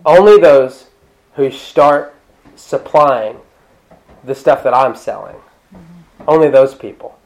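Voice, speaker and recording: A male pastor preaching a sermon in a conversational, animated way, breaking off into asides and restarting his sentences. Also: mid-range voice, takes it slowly, pauses often, rough recording. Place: church.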